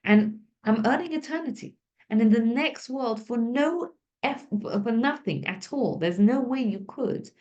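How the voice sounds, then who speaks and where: A man's voice: extremely high pitch, lively intonation, unhurried, a little mellow, muffled recording, pitched above the performer's own voice. A woman telling of a dying old rabbi, earnest.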